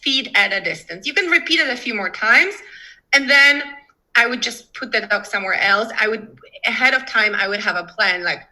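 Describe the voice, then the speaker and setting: A young adult woman dog trainer, explaining advice in an interview in a lively way and acting out little voices as she goes. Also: on the high side, normal speed, poor audio.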